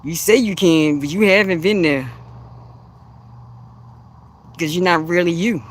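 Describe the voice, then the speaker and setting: A woman with a deep, bassy voice gives a spiritual coaching monologue, preachy and repetitive, chuckling between phrases. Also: a little slow. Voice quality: deep voice with bass. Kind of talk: spiritual motivational monologue to camera.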